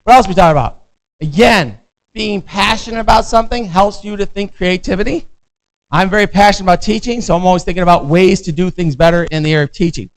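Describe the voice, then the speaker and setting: American guy prof, middle-aged, slightly high voice, casual lecture, keeps checking in with students. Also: quick pace, low-quality recording. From United States. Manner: conversational, keeps checking in with "all right?". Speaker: visiting professor.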